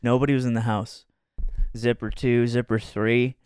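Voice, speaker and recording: A man's voice: mid-range voice, level tone, normal speed, darkish tone, clean tone, dry recording. A young man co-hosting a podcast, telling stories in a rambling, jokey way. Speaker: podcast co-host. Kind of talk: casual chat.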